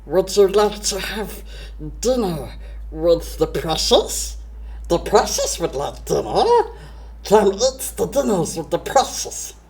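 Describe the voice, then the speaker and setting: A woman's voice: fairly low pitch, lively intonation, slow, darkish tone. Lady doing a hungry little creature, coaxing and creepy, refers to itself in third person. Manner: childlike third-person speech.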